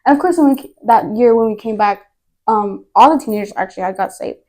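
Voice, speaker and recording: A woman's voice: mid-range voice, expressive, fast talker, a little mellow. A young woman giving a personal faith testimony as a podcast guest, telling it earnestly in a rambling way full of filler words.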